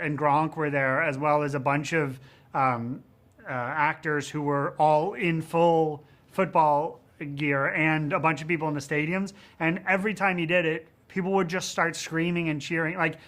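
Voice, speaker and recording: A man in his thirties, a film director giving a promotional interview, rambling with many fillers and growing animated as he tells stories from the set. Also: a little high, normal speed. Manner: rambling, frequent "you know what I mean" and "um"; gets animated and louder telling set stories.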